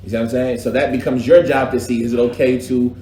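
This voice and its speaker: A man teaching a casual religious class, talking in a lively, slangy way and mimicking recitation styles. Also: medium pitch, quick pace, a little hiss or hum. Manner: animated, conversational, slangy, imitates recitation styles. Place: echoey mosque classroom. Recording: echoey room with faint background ambience.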